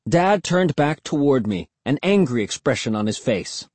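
A man narrating a first-person storybook in an expressive, tense storytelling manner. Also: mid-range voice, normal speed, no room sound. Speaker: audiobook narrator.

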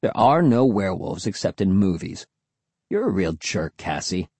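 A man's voice: sits low, big pitch swings, moderate pace, warm tone, slightly rough, dry recording, heavily acted. A man voicing an impatient, blunt young boy who scoffs at his friend in an audiobook. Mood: scornful. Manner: impatient, scornful. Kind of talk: audiobook character voice.

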